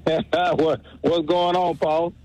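A man's voice: on the high side, flat delivery, drawn-out words, a little mellow, dry recording. A man calling in to a sports radio show, teasing another caller. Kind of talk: sports call-in banter.

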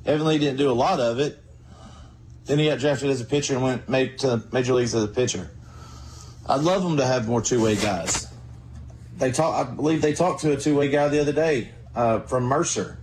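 A man's voice: mid-range voice, a little mellow, a little hiss or hum, poor audio. A man giving casual, confident analysis as a guest on a sports radio show.

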